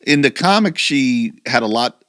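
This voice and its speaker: Middle-aged man, lively chatty podcast host. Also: mid-range voice, moderate pace, no room sound, clean studio sound. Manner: chatty, meandering, self-correcting. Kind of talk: casual chat.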